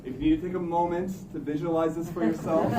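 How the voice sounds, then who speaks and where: A young man with a fairly high voice tells a comic story to a live audience, wry and building suspense. He sounds roomy and set back from the mic. Steady background noise fills the room. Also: recorded from a distance. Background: room ambience noise.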